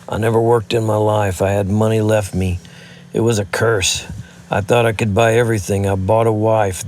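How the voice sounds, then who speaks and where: A man's voice: on the low side, darkish tone, a little hiss or hum, natural voice. A man reading aloud, voicing a bitter, sarcastic rich man near death.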